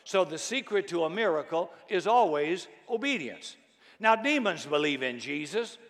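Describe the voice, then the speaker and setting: A male pastor preaching a sermon, swinging from quiet, low asides to loud, shouted declarations. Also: very animated, moderate pace. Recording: long hall reverb.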